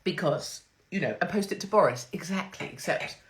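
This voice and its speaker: A woman's voice: fairly low pitch, lively intonation, a little fast. A middle-aged woman, hosting a crude, sarcastic livestream monologue from home on her phone. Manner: brash, crude, sarcastic, swears freely. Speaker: livestream host.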